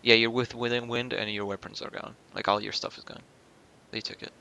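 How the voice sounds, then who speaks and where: A man's voice: lowish voice, level tone, brisk, vocal fry, pushed and bright, slight background noise. A man narrating a tabletop game as game master, hesitant with many ums and restarts.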